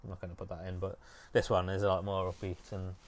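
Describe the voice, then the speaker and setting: Deep-voiced man hosting casual music chat. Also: quick pace. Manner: relaxed, hesitant with many fillers. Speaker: music show host.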